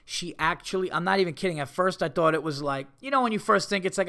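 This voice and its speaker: A man hosting a comedy podcast, telling rambling, profane stories in a casual, animated way. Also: on the high side, fast talker, hardly any pauses, smooth.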